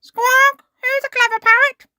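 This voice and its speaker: A shrill squawking parrot. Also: female voice, little pitch movement, unhurried, bright, forceful tone, dry recording, clean studio sound, exaggerated voice. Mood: squawky. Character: squawking copycat pet parrot.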